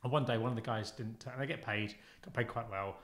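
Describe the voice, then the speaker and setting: Fast-talking man telling stories. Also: medium pitch, fairly bright tone. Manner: rambling storyteller, many restarts and fillers. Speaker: podcast guest or host. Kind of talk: casual podcast chat. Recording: echoey room.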